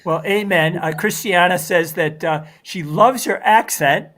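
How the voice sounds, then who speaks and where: A man with a Boston accent and a slightly high voice hosts an interview. He affirms his guest often and passes along viewers' comments, filling pauses with "uh.". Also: fairly bright tone. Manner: affirming, relaying comments, with fillers. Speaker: host. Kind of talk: interview hosting.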